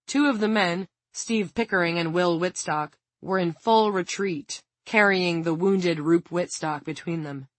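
A woman reading an audiobook in a measured, dramatic narration. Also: fairly low pitch, dry recording.

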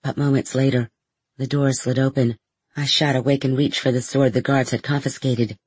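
A man narrates a first-person novel as an audiobook in a measured, steady storytelling manner. His mid-range voice has a husky edge. The recording is close and dry, with no room sound. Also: medium pitch, dry recording.

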